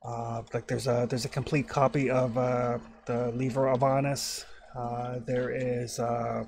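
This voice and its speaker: A man's voice: medium pitch, vocal fry, a little mellow. A man running a tabletop horror game as game master, describing scenes with many hesitant fillers.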